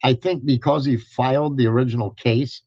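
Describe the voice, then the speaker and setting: Middle-aged male co-host, measured and chatty, on a dull, dry mic. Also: medium pitch, fairly even intonation, darkish tone, breathy edge, no echo. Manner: measured, storytelling, many fillers. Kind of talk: casual chat.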